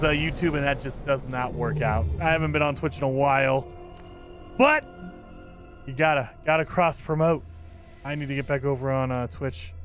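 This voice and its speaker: A man's voice: on the high side, fairly bright tone. A man live-streaming a video game, talking casually with viewers in loose, rambling commentary.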